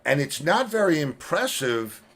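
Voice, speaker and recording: A man's voice: on the high side, big pitch swings, measured pace, a bit bright. A man in his seventies hosting a casual music chat, rambling with restarts and swearing freely. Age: 70s. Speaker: host.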